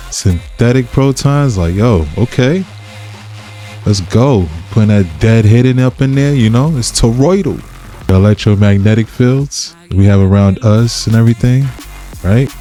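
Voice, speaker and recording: A man's voice: fairly low pitch, expressive, moderate pace, warm tone, faint music behind. A man hosting a reaction channel, commenting casually with laid-back slang.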